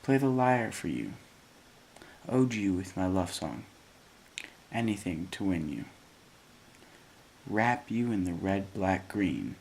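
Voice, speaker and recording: Slow, deliberate man reading a poem. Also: deep voice, big pitch swings, creaky, darkish tone, a little hiss or hum. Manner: measured and deliberate. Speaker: poem reader.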